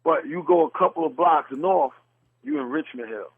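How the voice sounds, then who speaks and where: A man's voice: a little high, sing-song, normal speed, gravelly, husky, narrow, tinny audio. A man from New York City with a New York accent, hosting a casual podcast chat and bluntly comparing how people talk. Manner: blunt storyteller, mimics dialects. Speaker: podcast host.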